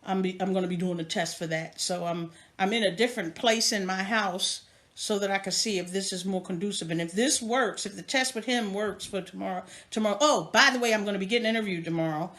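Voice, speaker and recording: A New York City woman hosts a live video stream from home, chatting casually with viewers through a tablet microphone and laughing often. Her voice is medium-pitched, fairly quick, and a bit bright.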